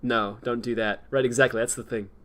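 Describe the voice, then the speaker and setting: A young man talks loosely on a livestream, circling his points with fillers and frequent laughs. His voice sits at an ordinary middle pitch. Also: steady tone, brisk, fairly bright tone. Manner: rambling, laughs often, lots of fillers. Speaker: streamer. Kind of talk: casual chat.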